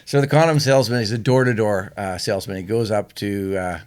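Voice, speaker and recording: A man's voice: fairly low pitch, fairly even intonation, brisk. A middle-aged man with a Canadian accent, a podcast guest telling stories in an easygoing way with frequent fillers. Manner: easygoing storyteller, hesitant fillers. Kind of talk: casual chat.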